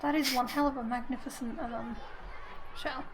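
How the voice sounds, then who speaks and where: A woman's voice: high voice, fairly even intonation, normal speed, a faint crowd, a little hiss or hum, poor audio. A woman streamer reading a visual novel aloud, with playful, giggly asides between the lines. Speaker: let's play streamer.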